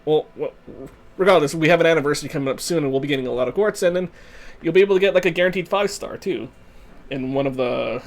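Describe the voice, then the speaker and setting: A man's voice: fairly high pitch, fast talker. A young man hosting a game stream, chatting loosely with viewers and rambling between story lines. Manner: chatty, rambling, restarts, answers chat. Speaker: gaming channel host. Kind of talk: casual game stream commentary.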